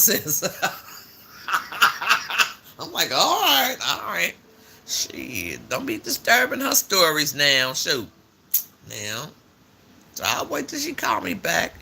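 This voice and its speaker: A man's voice: fairly high pitch, gravelly, slight background noise. An older man hosting a casual morning live stream, chatting and telling stories in a loose, slangy way. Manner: chatty, animated storytelling with frequent laughs and slang.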